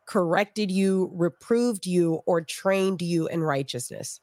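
A podcast co-host asking a guest a question in a casual, deliberate way. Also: medium pitch, a little mellow, no room sound, clean studio sound.

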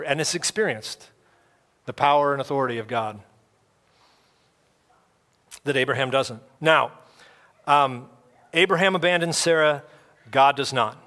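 A man's voice: mid-range voice, pushed and bright. A man preaching a sermon as pastor, in a casual, conversational way with playful voices for the people in the story. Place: church.

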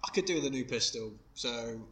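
A man's voice: mid-range voice, animated, fairly quick, recorded from a distance. A man co-hosting a podcast, offhand and sweary in casual banter. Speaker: podcast co-host. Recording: echoey room, off-mic, chatter behind.

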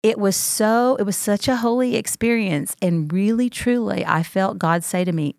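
A woman pastor tells heartfelt personal stories in a casual podcast chat and grows animated when moved. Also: mid-range voice, moderate pace, creaky, few pauses, dry recording, clean studio sound.

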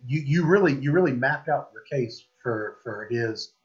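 A man's voice: medium pitch, lively intonation, moderate pace, muffled recording. A man hosting a casual podcast chat, affirming and asking questions. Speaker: podcast host.

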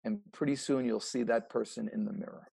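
A man voicing his older French father, speaking in a French accent and giving slow, deliberate advice. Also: medium pitch, fairly even intonation, creaky, warm tone, breathy edge, dry recording, pitched below the performer's own voice. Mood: fatherly.

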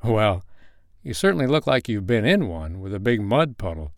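A male narrator doing a playful young man in an audio story, confident and jokey, with a low voice. He gives easy little orders with a grin in them. The sound is dry and close. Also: very animated, moderate pace, no room sound. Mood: teasing. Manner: teasing, jokey, upbeat and commanding.

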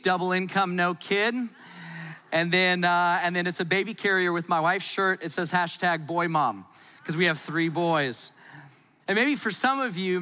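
High-voiced guy preaching, chatty and playful, lots of echo off the church walls. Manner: lively, playful, conversational preaching. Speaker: pastor. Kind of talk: sermon.

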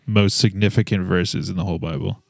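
A man's voice: low-pitched, steady tone, a little fast, vocal fry, a little mellow, dry recording. A man co-hosting a casual Bible study podcast, chatty, jumping in with asides and fun facts. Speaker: podcast co-host.

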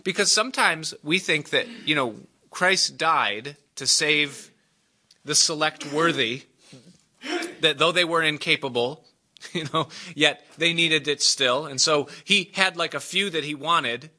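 A male preacher with a very bright, forceful tone delivers a relaxed, conversational sermon. He explains scripture point by point, tells stories and jokes, and chuckles often along the way. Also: a little high, unhurried.

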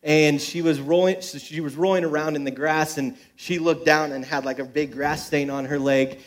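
Young man, church pastor; relaxed joking sermon delivery, slightly higher pitch. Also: moderate pace. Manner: joking, self-deprecating storytelling. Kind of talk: sermon with personal stories. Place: church service.

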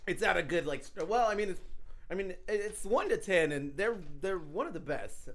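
A man's voice: high-pitched, animated, moderate pace, fairly bright tone. A man co-hosting a casual podcast, joking and rambling with friends. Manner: joking, rambling, breaks into silly scat singing. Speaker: podcast co-host. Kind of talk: casual chat.

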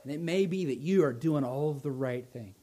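A male pastor preaching a sermon, building to loud emphatic lines, then dropping soft and slow. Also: a little high.

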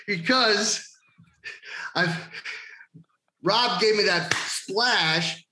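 A man's voice: sits high, extremely slow, sharp tone, echoey room. A man, a wrestler, telling a crude story in a casual interview, swearing freely and laughing between lines. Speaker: wrestler, guest.

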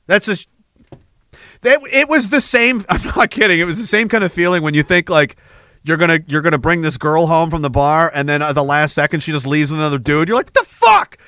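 A middle-aged man hosting a podcast, ranting with heavy profanity and jumping between war stories and shouted quotes. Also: fairly high pitch, fairly even intonation, fairly quick, no echo. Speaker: podcast host. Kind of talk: ranting monologue.

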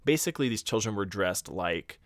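A man on a podcast retells a spooky encounter in a loose, chatty way, slipping into voices for the people in the story. His voice sits fairly low, and the sound is dry and close. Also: animated, brisk, no room sound. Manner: retells a scary story, acting out quotes, laughing, swearing. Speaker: podcast co-host. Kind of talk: casual storytelling chat.

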